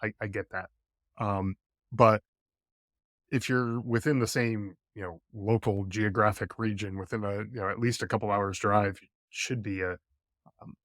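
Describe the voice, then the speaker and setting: A middle-aged man hosting a podcast interview, speaking in a measured, hesitant way with many fillers. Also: fairly low pitch, fairly even intonation, a bit bright, dry recording, studio quality. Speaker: podcast host. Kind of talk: conversational interview.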